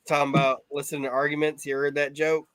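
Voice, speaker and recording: A man's voice: on the high side, level tone, quick pace, fairly bright tone, smooth. A man co-hosting a casual chat, blunt and heavily profane, cracking jokes as he talks. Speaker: podcast co-host. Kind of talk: casual chat about old wrestling shows.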